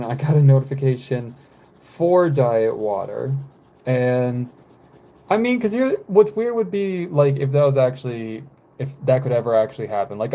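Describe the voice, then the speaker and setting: A man in his twenties, chatting casually on a live stream, rambling with frequent fillers and halting pauses. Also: medium pitch, mellow. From United States. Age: 20s.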